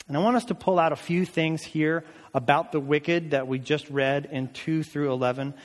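A man delivering a sermon in a slightly higher voice, his words ringing out with the long reverb of a large hall. He reads scripture with weight and slows on the key phrases. Then he drops into plain, conversational explanation. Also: fairly even intonation. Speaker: pastor.

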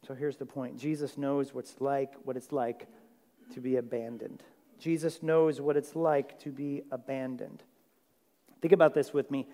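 A man's voice: a little high, a little mellow. A male pastor preaching a sermon in a chatty, conversational way, checking in with his listeners. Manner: conversational, asks the audience questions. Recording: long hall reverb.

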